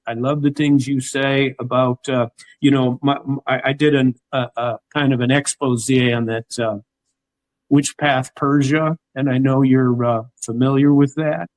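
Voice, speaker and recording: A man's voice: medium pitch, darkish tone, no room sound, low-quality recording. A man from the United States hosting an interview, chatting casually with many restarts. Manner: rambling, hesitant, many restarts. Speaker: host.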